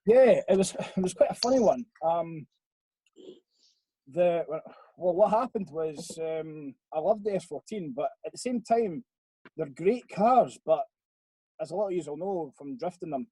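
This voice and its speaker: A man's voice: fairly high pitch, animated, unhurried, mellow, slightly rough, no echo, low-quality recording. A young Scottish man on a video call, telling a rambling, sweary story in casual chat. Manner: rambling, sweary, laid-back. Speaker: podcast guest.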